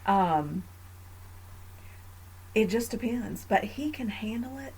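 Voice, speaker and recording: A woman hosting a faith podcast, talking in an earnest, reflective way with frequent fillers and growing animated in family stories. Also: a little high, takes it slowly, slight background noise, poor audio. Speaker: podcast host.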